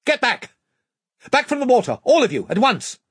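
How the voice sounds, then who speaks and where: A reader voicing a bold, quick-thinking boy in a storybook, speaking in an urgent, commanding way. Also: medium pitch, huge pitch swings, slightly rough, no room sound, studio quality, pitched above the performer's own voice, exaggerated voice. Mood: alarmed.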